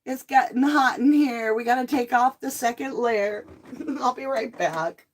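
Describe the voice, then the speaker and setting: Speaking at a measured pace in a slightly high voice, a middle-aged woman hosts a true crime tarot chat live from home while ill on cough medicine. Her manner is casual and blunt, with lively asides and mocking quotes.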